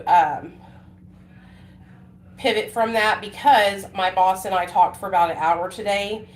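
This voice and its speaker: A woman, chatting on a casual live stream in a rambling, emotional way with many fillers and restarts. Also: lowish voice. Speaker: livestreaming vlogger. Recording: echoey room with faint noise.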